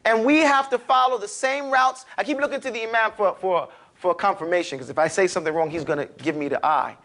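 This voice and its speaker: Lively New York man teaching a class. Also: high voice, fairly quick. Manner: lively, animated, pushes students to repeat. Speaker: Arabic teacher. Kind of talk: classroom lecture.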